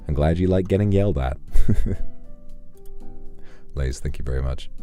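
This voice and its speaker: A man reads viewer messages aloud on a live stream and answers them in a casual, teasing, affectionate way. His voice sits very low and sounds dark and mellow. Soft music plays faintly behind him. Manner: playful, teasing, affectionate with chat. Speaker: streamer reading superchats. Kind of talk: casual livestream chat.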